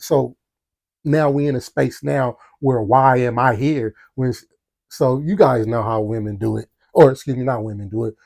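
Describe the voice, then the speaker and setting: This podcast host has a mid-range, creaky voice and an unhurried delivery. He tells a personal story animatedly on his storytelling show, addressing listeners directly and acting out the quotes.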